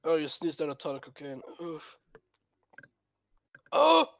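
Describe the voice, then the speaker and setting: A man's voice: a little high, big pitch swings, unhurried, gravelly, a bit bright, a little hiss or hum. A man in casual gaming voice chat, swearing often and bursting into laughter. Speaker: player.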